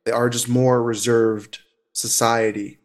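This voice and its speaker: A man speaking as a therapist guest in a casual podcast interview, talkative and animated, with frequent fillers and restarts. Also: medium pitch, a little slow. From United States.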